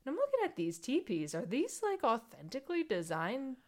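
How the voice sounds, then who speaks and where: A woman's voice: a little high, huge pitch swings, fairly quick. A woman co-hosting a podcast, casually retelling a story with plenty of "like" and "um". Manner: rambling summary full of fillers like "like" and "um". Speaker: podcast co-host.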